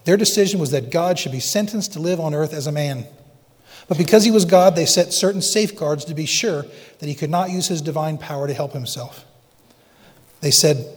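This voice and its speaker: Preacher in a reverberant sanctuary. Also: male voice, on the high side. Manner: earnest, dramatic readings with hushed pauses. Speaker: pastor. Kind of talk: sermon.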